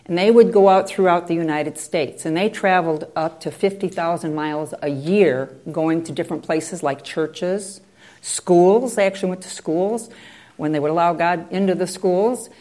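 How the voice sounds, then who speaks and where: A woman's voice: lowish voice, moderate pace, mellow. A woman telling a story in a conversational way, with digressive asides. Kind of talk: oral storytelling.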